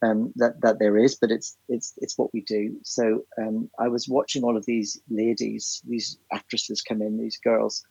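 A man talks in a relaxed, anecdotal way as a podcast guest. His voice has a gravelly, slightly husky grain. The recording is dry and close. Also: on the low side, measured pace, few pauses, dry recording, highs cut off. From Ireland. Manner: chatty, anecdotal, many restarts and ums. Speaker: guest, theatre writer and composer. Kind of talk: casual podcast interview.

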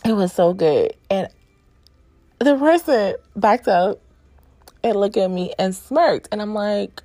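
A woman's voice: mid-range voice, a little slow, dark tone, no room sound. Woman podcaster telling stories, cusses a lot, laughs a bunch, dry close mic. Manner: frank and profane, laughs often, says "right?" and "y'all". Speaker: podcast host and sex coach. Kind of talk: casual storytelling monologue.

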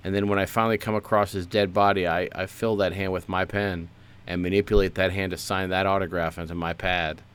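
A man co-hosting a podcast, telling playful deadpan stories in casual comedic chat. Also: sits low, fairly quick, clean tone. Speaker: podcast co-host.

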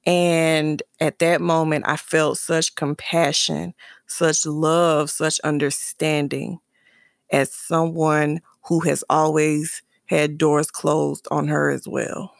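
A woman's voice: sits low, flat delivery, slow pace, vocal fry, no room sound, studio quality. A woman candidly telling a personal story about her son and his father, earnest and emotional, often restarting and repeating phrases. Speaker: mother sharing a personal story.

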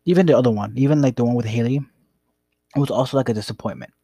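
Gravelly, husky young man telling a story. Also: medium pitch, very fast, dark tone, dry recording. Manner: rambling, profane, laid-back. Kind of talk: casual storytelling.

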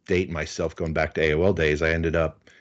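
Speaking a little fast in an extremely low, level voice over lo-fi sound, a middle-aged American man appears as an interview guest. He tells casual stories full of fillers.

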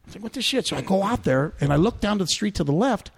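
A man's voice: high-pitched, animated, fast, creaky, slightly rough. A middle-aged man telling rambling, profane stories in casual chat, with many restarts. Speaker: guest comedian. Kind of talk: casual storytelling.

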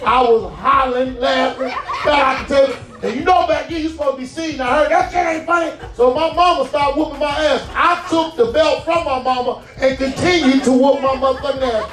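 A male comedian in his forties tells a profane, animated stand-up story. His voice sits high, and he sounds distant in a roomy, echoing hall with faint music underneath. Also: a little fast, few pauses. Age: 40s.

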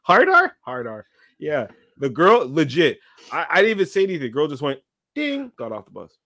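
A man in his thirties hosting a podcast, telling stories in a casual, animated way and acting out the people in them. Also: fairly high pitch, normal speed, no echo, clean studio sound. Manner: animated, laughing storyteller acting out quotes. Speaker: podcast host. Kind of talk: casual storytelling chat.

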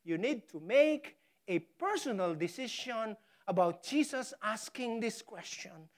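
A woman preaching a sermon, stressing key words hard and pausing for effect. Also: on the high side, animated. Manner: emphatic, dramatic pauses on key words; slow, deliberate delivery. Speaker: pastor.

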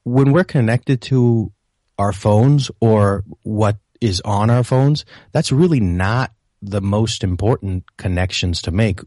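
A man's voice: lowish voice, darkish tone, no room sound, studio quality. A man speaking as an interview guest, earnest and advising, often repeating words as he thinks. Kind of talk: casual interview chat.

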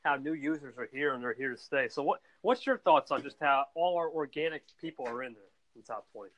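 A man's voice: medium pitch, fast, a bit bright, low-quality recording. A man hosting a casual chat, talking in a loose, upbeat way while cooking. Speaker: host.

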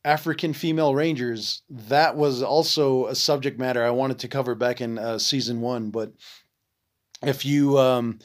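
A man hosting a podcast, telling a story in a rambling casual way with many fillers, swear words and acted-out quotes. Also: medium pitch. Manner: acts out quoted voices in lively bursts. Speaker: podcast host.

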